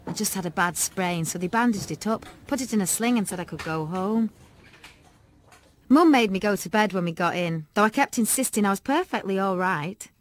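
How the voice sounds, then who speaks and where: A woman's voice: mid-range voice, dry recording. A woman reading a first-person children's story aloud expressively. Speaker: audiobook narrator.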